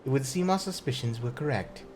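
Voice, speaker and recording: A man voicing a cool, scholarly female mage who speaks in a measured, formal way, with faint game music behind. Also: mid-range voice, lively intonation, darkish tone, a little hiss or hum, natural voice. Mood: grave.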